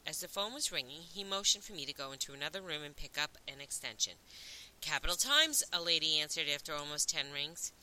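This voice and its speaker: A woman reading a story aloud as audiobook narrator, clear and expressive. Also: sits low, fast, few pauses, rough recording. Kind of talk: scripted narration.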